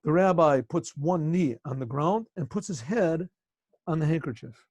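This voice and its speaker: A man, a rabbi, telling a story in a casual lesson, often clearing his throat, over a video call. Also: on the high side, animated, normal speed, darkish tone, no room sound.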